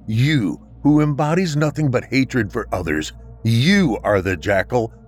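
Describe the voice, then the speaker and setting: A man voicing a calm, resolute male warrior who speaks in a cold, quiet, measured way. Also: medium pitch, faint music behind. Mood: cold resolve.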